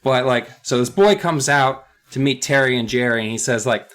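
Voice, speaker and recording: A man's voice: medium pitch, moderate pace, fairly bright tone. A man co-hosting a podcast, recapping a book in casual chat full of profane jokes and asides. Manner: joking, profane, rambling asides. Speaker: podcast co-host.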